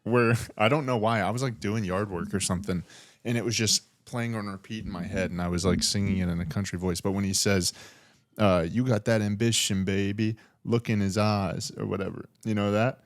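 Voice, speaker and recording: Laid-back young man, dry low voice. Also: steady tone, a little fast, no echo. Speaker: podcast co-host. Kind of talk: casual chat.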